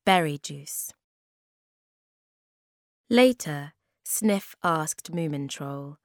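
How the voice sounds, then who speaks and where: A woman narrating a children's storybook chapter, reading in a clear, gentle way. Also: lowish voice, takes it slowly, no echo, studio quality. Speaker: storybook reader.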